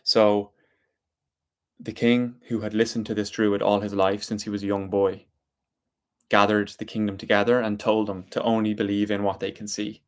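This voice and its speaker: A man telling a story aloud, slow and deliberate with drawn-out pauses. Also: fairly low pitch, little pitch movement. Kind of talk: spoken storytelling.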